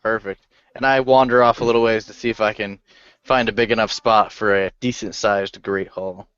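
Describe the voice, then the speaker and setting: A man playing a tabletop game, speaking calmly with some hesitation. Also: fairly low pitch, normal speed, clear, resonant tone, dry recording, muffled recording. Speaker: player. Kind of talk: casual tabletop game play.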